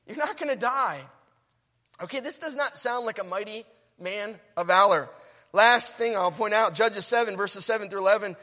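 A man preaching an earnest, animated sermon, addressing young people and reading Bible verses aloud. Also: sits high, normal speed, big-room sound.

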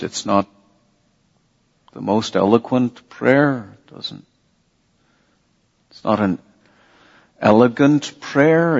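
Slow, husky-voiced preacher man. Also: fairly high pitch, long reverb tail. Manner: earnest, repeats phrases for emphasis, rhetorical questions. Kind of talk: sermon. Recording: dull lo-fi sermon recording.

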